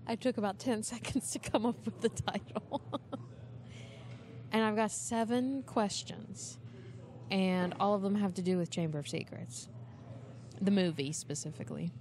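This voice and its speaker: A woman's voice: mid-range voice, a little slow, darkish tone. A woman hosting a podcast quiz, chatting casually and laughing easily from a couch in a busy venue. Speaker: podcast host running a movie quiz. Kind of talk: casual chat.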